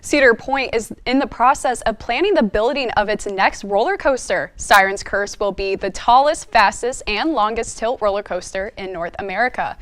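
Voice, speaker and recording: A young woman anchors a student news broadcast, her voice pitched a little high. She reads the stories cleanly and laughs easily in the banter between segments. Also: moderate pace, hardly any pauses, a bit bright. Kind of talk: newscast reading and casual anchor banter.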